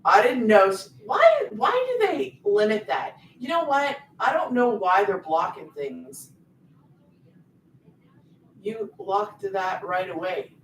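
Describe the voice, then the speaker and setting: Woman, middle-aged, chatty livestream host, emphatic, rambling, mid-pitched, echoey room. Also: fairly bright tone, recorded from a distance, a little hiss or hum. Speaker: online business host. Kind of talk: casual livestream chat. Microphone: phone. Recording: roomy sound, off-mic.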